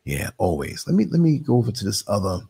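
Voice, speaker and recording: A man with a New York accent talks casually to his live-stream audience, his low voice gravelly and a little husky. He drifts between easygoing chat and quiet muttered asides to himself. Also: huge pitch swings, fast talker. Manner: conversational, muttering asides while working the computer. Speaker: live show host. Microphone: computer streaming setup.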